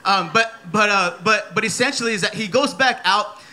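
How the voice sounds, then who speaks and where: A thirtysomething man preaching in church sounds energetic and playful, with a voice that sits high and a normal speaking speed. He repeats his key phrases throughout.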